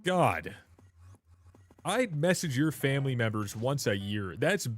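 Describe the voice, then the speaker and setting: Male streamer, late twenties, loose joking chatter, mid-pitched voice. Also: very animated, a little slow. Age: 20s. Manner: joking, rambling, self-mocking. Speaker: livestream host. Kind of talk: casual livestream chat.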